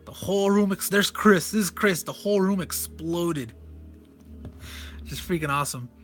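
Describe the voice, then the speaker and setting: Male reviewer, casual and excitable, restarts and self-corrections; bright, sharp tone, faint music underneath. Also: high-pitched, normal speed. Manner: enthusiastic, rambling, self-correcting. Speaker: comic reviewer. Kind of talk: casual comic walkthrough.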